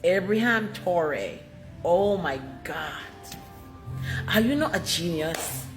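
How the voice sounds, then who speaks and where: A woman's voice: on the low side, animated, slow, reverberant, faint music behind. A woman from Jamaica giving a fervent, declamatory video address with emphatic repetitions, recorded in a salon. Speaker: commentator.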